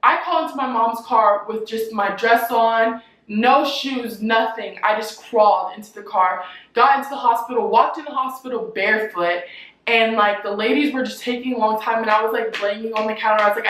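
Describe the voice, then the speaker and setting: A woman's voice: on the high side, normal speed, fairly bright tone. A young woman vlogger telling a personal story in a chatty way, with filler words every few words. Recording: roomy echo with faint ambience.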